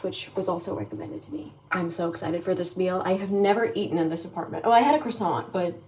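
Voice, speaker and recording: A young American woman in her twenties, a study abroad student, chatting casually to camera with lots of fillers. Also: mid-range voice. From United States. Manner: chatty, full of "like" fillers and laughs. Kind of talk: casual vlog chat. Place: apartment and streets. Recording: noisy handheld vlog audio.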